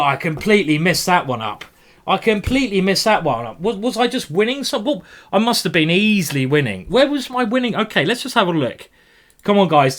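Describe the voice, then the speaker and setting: Chess streamer: man, fairly high voice, excitable and playful, jokes with his opponent while he plays fast games. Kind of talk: live commentary while playing blitz chess.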